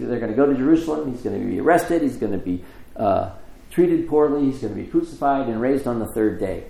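A middle-aged man preaching a sermon, telling the story with lively acted quotes and conversational asides. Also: medium pitch, vocal fry, echoey room, rough recording. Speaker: pastor.

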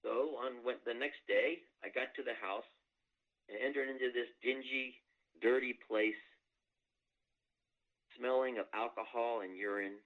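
A male priest preaching a sermon, telling a story in a measured way with pauses. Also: mid-range voice. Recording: dull lo-fi recording.

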